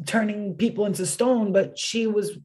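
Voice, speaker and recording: Mellow-voiced woman giving an excitable tarot reading. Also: mid-range voice, moderate pace. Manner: excitable, swears freely, bursts of exclamations. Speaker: tarot reader. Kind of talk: casual spoken tarot reading.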